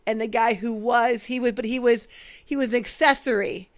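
Woman, business owner, casual animated storyteller, slightly high pitch. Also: normal speed. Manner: animated, acts out quoted dialogue.

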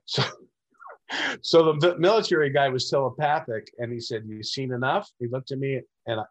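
A man's voice: medium pitch, lively intonation, moderate pace, poor audio. Man telling a rambling story. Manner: rambling storyteller, acts out quoted dialogue. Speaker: interview guest. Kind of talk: recounting personal experiences.

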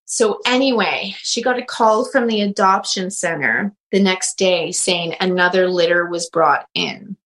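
A woman who works as a medium and animal communicator, telling a story in a casual interview and acting out the quotes with big jumps in pitch. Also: unhurried, few pauses, a bit bright, poor audio.

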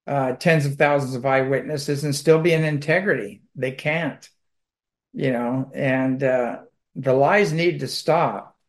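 A man giving a casual monologue as a commentator, rambling with fillers and restarts and a sardonic, mocking tone. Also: medium pitch.

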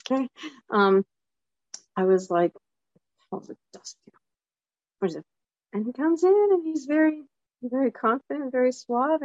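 A woman hosting her own show, telling a personal story in a casual, animated monologue that leaps up in pitch. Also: dry recording, lo-fi sound. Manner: animated storytelling with sudden high jumps. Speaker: show host.

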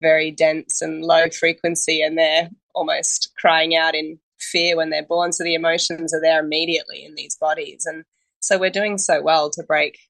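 Female guest, low pitch, dry close sound, soft reflective delivery. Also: flat delivery, normal speed, gravelly, no room sound, rough recording. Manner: gentle, giggly, reflective.

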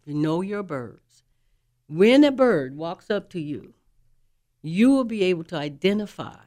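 Woman coach guesting on a talk show, lively teaching, lowish voice. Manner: animated, teaching with examples. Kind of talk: conversational talk show explanation.

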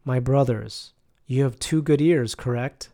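Serene male spiritual teacher, read by a man, gravelly mellow voice, slow tender preaching. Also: mid-range voice, dry recording, clean studio sound, lightly acted.

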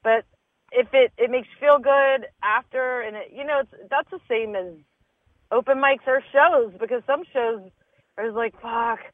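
Her voice is high and moves at a normal speed in a dry, tinny, phone-like recording. She's a stand-up comedian guesting on a casual podcast chat, speaking candidly, swearing offhandedly, and acting out what goes through her head.

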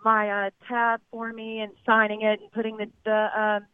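A woman's voice: medium pitch, monotone, normal speed, clear, resonant tone, no echo. A young adult woman calling in to a show, telling a rambling story with lots of fillers over the phone. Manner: chatty, rambling with many fillers. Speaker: caller. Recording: tinny phone line.

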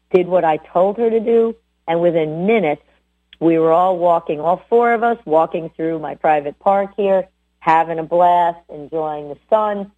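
A woman hosting a radio show about dog training, coaching listeners in a lively, direct way. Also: on the low side. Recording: tinny phone-like sound.

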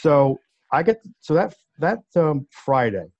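A man guesting on a talk show, telling a story in a lively way and acting out the voices of the people in it. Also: fairly high pitch, a little slow, no room sound. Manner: animated, acts out quoted voices. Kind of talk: casual storytelling. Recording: dull lo-fi dry sound.

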